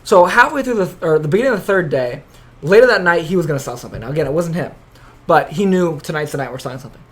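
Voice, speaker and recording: Fast-talking, profane male podcast host. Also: on the high side. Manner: profane, excitable storytelling. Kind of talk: casual chat.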